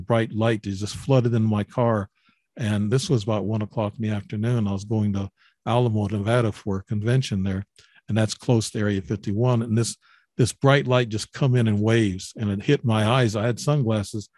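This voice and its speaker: A man in his seventies from Illinois, a guest on an interview, telling his own story in a halting way with many repeated words and restarts. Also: lowish voice, a little mellow, dry recording, clean studio sound. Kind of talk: interview, personal account.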